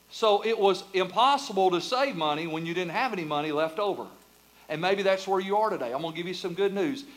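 High-voiced pastor telling stories. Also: male voice. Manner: lively, humorous storytelling that drops to a quiet earnest teaching tone. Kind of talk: storytelling sermon.

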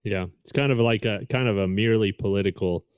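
A man's voice: fairly low pitch, fast talker, darkish tone, clear, resonant tone, no room sound. A man hosting a podcast, speaking thoughtfully and hesitantly as he asks his guest questions. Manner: hesitant, many fillers and restarts, thoughtful. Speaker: podcast host. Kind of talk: casual podcast interview.

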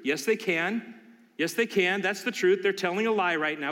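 High, bright-voiced preacher man in a hall. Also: lively intonation, moderate pace. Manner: emphatic, asks the congregation questions. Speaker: pastor. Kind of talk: sermon.

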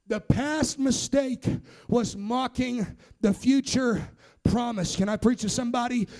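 A man preaching a sermon, shouting in a sing-song preaching cadence and calling out to the congregation between phrases. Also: extremely high pitch.

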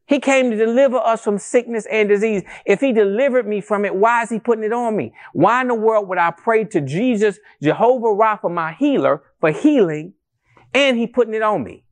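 A male pastor preaching a sermon to a congregation in a church, animated and conversational, with rhetorical questions and calls to the congregation. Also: sits high, brisk. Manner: addresses the congregation as family, calls for responses.

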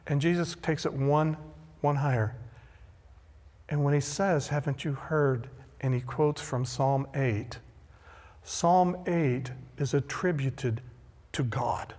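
A male pastor preaching a sermon, emphatic and deliberate, repeating key phrases. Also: a little high, steady tone, a little mellow. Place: church sanctuary. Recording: long hall reverb.

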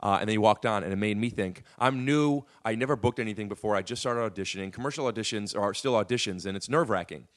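A man's voice: lowish voice, fast, hardly any pauses. A man guesting on a podcast, telling rambling, profane stories with lots of fillers. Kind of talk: casual storytelling.

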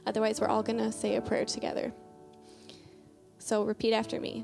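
A woman's voice: on the high side, completely flat delivery, brisk, gravelly, a little mellow, soft background music. A woman preaching and leading prayer in a conversational sermon, chatty and full of filler words, telling homely stories.

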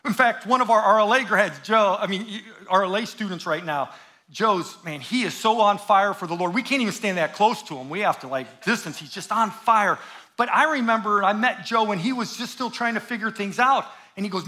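Bright-voiced man preaching a lively sermon. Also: high voice. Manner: lively and joking, then hushed and slow in prayer. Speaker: guest pastor. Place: church in front of a congregation.

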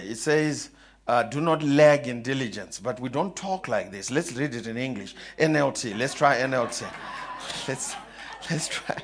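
A man preaching a sermon, calling out questions for the congregation to answer and laughing often. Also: medium pitch. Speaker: pastor.

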